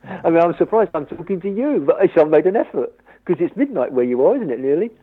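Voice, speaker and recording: A man's voice: fairly high pitch, lively intonation, fast talker, slightly rough. A man with a London accent chatting on the phone as a guest, joking about himself and laughing often. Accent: London English. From London, England. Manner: jokey and self-mocking, laughs often. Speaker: radio listener guest. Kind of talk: casual phone chat. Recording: tinny phone line.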